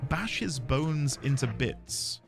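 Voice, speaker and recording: With music playing behind him, this British-accented man talks slowly in an animated, gravelly mid-range voice. He's streaming a game and chatting casually, wandering through his explanations while chuckling at himself.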